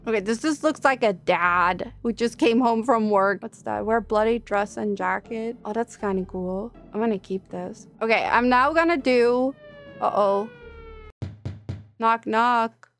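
A young woman streamer chats and jokes her way through a video game in a bright, high voice. She is excitable and quick with a gag. Faint music sits in the background. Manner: joking, excitable, chatty. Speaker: gaming streamer. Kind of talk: casual playful gameplay commentary.

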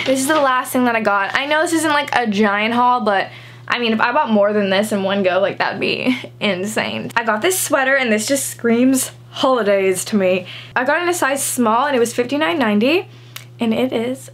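A young woman in her twenties from Canada, chatting casually as she shows off clothes in a try-on haul, bubbly and full of "like". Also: a little high. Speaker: vlogger.

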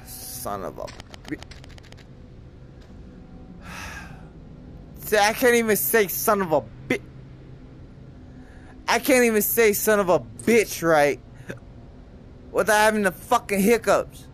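A man's voice: high-pitched, takes it slowly, long pauses, a bit bright, slight background noise. A drunk man with the hiccups, cursing and muttering to himself while playing a VR game. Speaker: gamer. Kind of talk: profane gameplay commentary.

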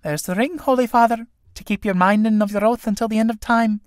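A man voicing a proud young tinker woman in a play reading, speaking sharp and bitter. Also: high-pitched, a little fast, no echo, studio quality, pitched above the performer's own voice, natural voice. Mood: vexed.

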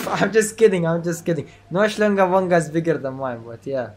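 A man's voice: fairly high pitch, normal speed, soft background music. A man prank-roasting random strangers over video chat, teasing them and laughing often.

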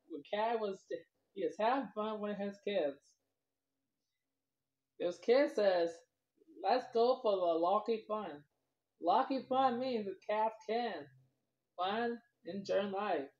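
Slow-talking woman telling kids a story. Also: medium pitch, a little mellow. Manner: talks to kids as boys and girls, loose and rambling. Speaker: storyteller vlogger. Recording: dull lo-fi recording.

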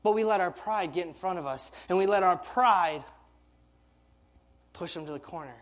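A young man preaching a sermon as youth pastor, animated and tripping over his words when excited. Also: sits high, moderate pace.

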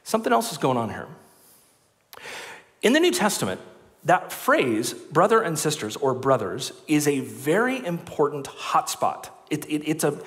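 A man's voice: a little high, moderate pace. A man preaching a sermon in a church, joking and chatty as he explains scripture. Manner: lively, joking, conversational preaching. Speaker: pastor. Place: church sanctuary. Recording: long reverb of a large church hall.

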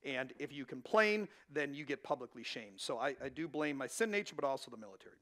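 A man's voice: mid-range voice, expressive, fast, pushed and bright. A man in his thirties preaching a sermon as pastor, in a conversational way with frequent asides to the room. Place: church.

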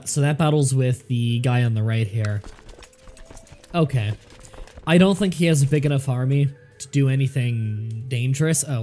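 Let's-play host, young man, sick and sore-throated, relaxed self-mocking delivery over faint music. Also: mid-range voice. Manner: casual, self-mocking, thinking aloud. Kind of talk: gameplay commentary.

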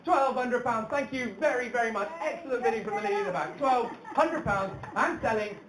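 A woman calling a live charity auction, brisk and upbeat, teasing the bidders. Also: a little high, noisy background. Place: indoor event hall. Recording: echoey hall with chattering crowd.

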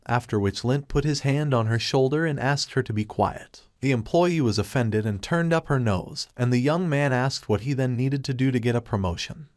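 A man giving a scripted, even third-person narration of a comic story. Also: mid-range voice, dry recording, clean studio sound. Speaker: recap narrator.

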